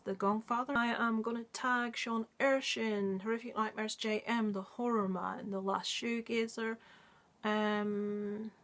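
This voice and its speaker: A woman movie vlogger in casual chat, talking in a rambling way with many ums and asides. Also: mid-range voice.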